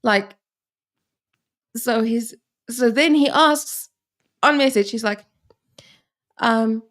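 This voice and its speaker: A woman's voice: a little high, slow. Giggly woman with an Afrikaans accent. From South Africa. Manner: giggly storytelling with quoted asides. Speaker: co-host. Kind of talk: casual chat.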